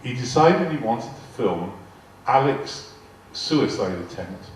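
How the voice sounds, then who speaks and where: Speaking slowly and expressively at a medium pitch, an older man spins rambling anecdotes for a live audience as a guest speaker, repeating words and acting out the dialogue he quotes. He's in a large arts hall, recorded on a distant mic with echo and faint noise, while the audience laughs.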